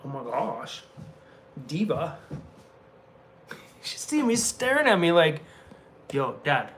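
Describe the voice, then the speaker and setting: A man's voice: a little high, very animated, slow pace, fairly bright tone, a little hiss or hum. Chatty man on a casual live stream. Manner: chatty, laughs often, talks to his dog and viewers. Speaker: van-life vlogger on a live stream. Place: hotel room.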